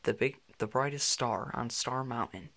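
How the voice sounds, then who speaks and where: A man voicing a cheerful young girl explorer in an upbeat, eager storybook reading, keeping close to his own mid-pitched voice. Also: normal speed, vocal fry, fairly bright tone.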